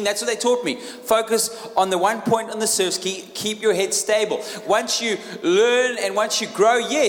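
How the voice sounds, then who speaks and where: High-voiced man preaching in an echoey hall. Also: fairly bright tone. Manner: emphatic, repeats key phrases, asks the crowd questions. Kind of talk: sermon. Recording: echoey hall with long reverb.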